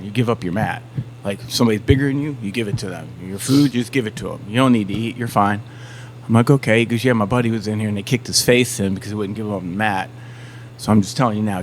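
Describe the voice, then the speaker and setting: Animated storytelling man, faint hum. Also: fairly low pitch, quick pace. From Southern United States. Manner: animated storyteller acting out quotes. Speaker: band member guest. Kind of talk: casual storytelling on a podcast.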